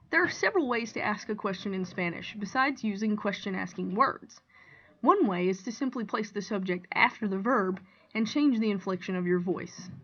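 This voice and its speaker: A woman teacher walks through a language lesson at a steady, deliberate pace, reading out examples and explaining each one. Her voice sits at an everyday middle pitch. The recording is a little dull and lo-fi. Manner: clear, deliberate explaining with example sentences read aloud. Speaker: Spanish teacher.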